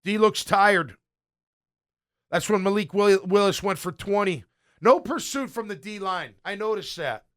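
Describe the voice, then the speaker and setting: A middle-aged man with a fairly high voice talks through game film as a casual play-by-play. He is excitable and blunt, with loud bursts of praise and quiet muttered asides. He sounds like a sports show host chatting. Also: measured pace.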